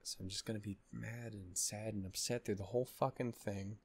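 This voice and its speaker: Fairly low and steady, this man's voice is husky with a darkish tone, and he talks fairly quickly. He hosts anime reactions while tired and yawning, upset and swearing through a rambling, restart-filled casual vlog chat.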